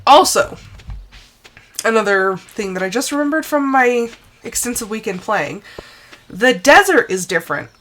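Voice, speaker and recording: A woman's voice: a little high, lively intonation, moderate pace, pauses often, fairly bright tone, a little hiss or hum. A woman streamer commenting live on her farming game, exasperated and talking herself through setbacks. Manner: exasperated, talks to herself, self-soothing.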